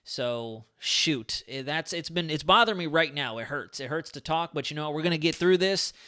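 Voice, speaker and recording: A man hosting a live weather stream in a casual, excitable, rambling way, his speech a little slurred from a sore lip. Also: on the high side, normal speed, smooth. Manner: chatty, excitable, rambling asides. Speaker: weather livestream host. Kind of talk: casual livestream weather talk.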